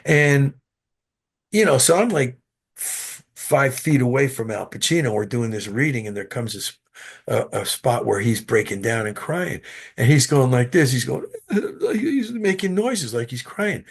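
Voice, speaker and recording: Gravelly-voiced man telling actor anecdotes. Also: medium pitch, normal speed. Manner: animated anecdotes with frequent restarts. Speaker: actor guest. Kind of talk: interview storytelling.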